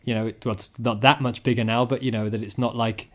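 A male podcast host with a level, medium-pitched voice talks at a quick pace in a casual chat about live music. He jokes about gigs and steers the conversation between topics.

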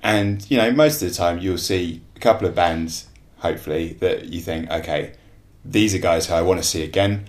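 A man's voice: low-pitched, normal speed, few pauses. A man co-hosting a casual podcast, talking in an easygoing, agreeable way with lots of fillers. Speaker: podcast co-host.

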